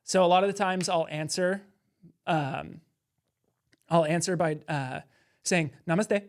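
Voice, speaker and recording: A man's voice: fairly high pitch, unhurried. A man co-hosting a podcast, chatting casually and telling stories about messing with scam callers. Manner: chatty storyteller, mocks callers with put-on lines. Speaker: podcast co-host.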